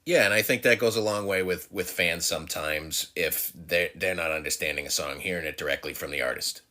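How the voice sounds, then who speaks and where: Man, podcast host, deep pitch, bright tone, upbeat promo wrap-up. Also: fairly quick. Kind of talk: interview wrap-up.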